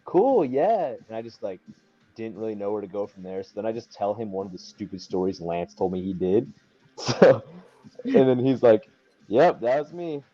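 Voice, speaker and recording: A man's voice: fairly low pitch, fairly even intonation, a little fast, mellow, soft background music. A young man, a wrestler, telling a story in casual chat, rambling with lots of fillers and acting out what people said. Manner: rambling, many fillers, acts out quotes. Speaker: wrestler guest. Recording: dull lo-fi sound.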